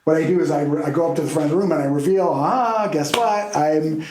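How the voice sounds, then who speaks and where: A man, a podcast guest and keynote speaker, telling a story in a lively way and laughing now and then. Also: a little high, rapid-fire, echoey room, slight background noise, rough recording.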